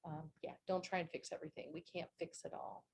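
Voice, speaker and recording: A woman's voice: lowish voice, level tone, brisk, a little mellow, slight background noise. A woman who works as a nurse, giving a chatty, down-to-earth informal talk over a video call, full of asides. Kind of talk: informal presentation. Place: virtual meeting. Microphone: video call mic.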